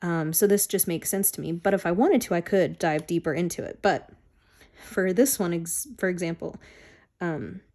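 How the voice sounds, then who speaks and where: A woman's voice: lowish voice, moderate pace, a little mellow. A woman talking casually and at length about tarot decks, with many fillers and restarts. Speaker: tarot deck reviewer. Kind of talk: casual rambling chat.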